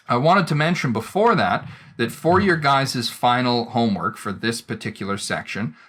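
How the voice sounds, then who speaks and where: A man's voice: lowish voice, pushed and bright. A man giving a recorded lecture, explaining step by step with frequent "right?" check-ins. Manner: explanatory, with verbal restarts and tag questions.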